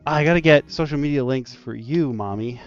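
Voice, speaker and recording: A man's voice: medium pitch, fairly quick, highs cut off. A man hosting a casual roundtable stream as a dungeon master, rambling and laughing often.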